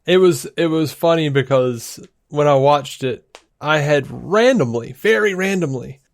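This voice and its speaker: A man's voice: on the high side, unhurried, creaky, no echo, studio quality. A man co-hosting a podcast, chatting casually and telling funny anecdotes with laughs and restarts. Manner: storytelling, laughing, hesitant restarts, mimics voices in anecdotes. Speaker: podcast co-host. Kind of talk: casual chat.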